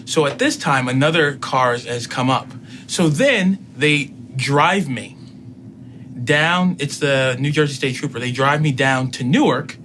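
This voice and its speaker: A man in his thirties, a councilman and student, telling a personal story in an interview in a measured way, quoting what was said. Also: mid-range voice, sharp tone, a little hiss or hum. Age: 30s. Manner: measured, recounting events with quoted dialogue.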